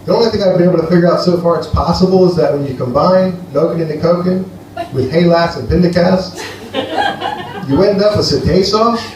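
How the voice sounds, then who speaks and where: A man from Greece doing a rambling, deadpan stand-up set for a live audience at a comedy venue. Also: high-pitched, brisk, distant mic, slight background noise. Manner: rambling, deadpan, playful with the crowd. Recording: echoey live room, heard from afar.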